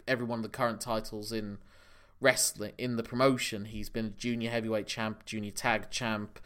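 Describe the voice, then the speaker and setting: A man with a lowish, pushed, bright voice co-hosts a casual wrestling podcast. He sounds knowledgeable and explains things in long runs.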